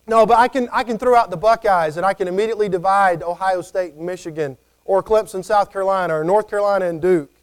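A man's voice: high voice, fast, few pauses, clean tone. A man preaching a conversational sermon, often acting out what people might say. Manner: conversational, acts out quoted voices.

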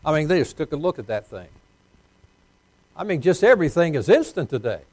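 Male pastor, folksy sermon, loud-to-hushed swings, dry close sound. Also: fairly high pitch, big pitch swings, brisk, dry recording.

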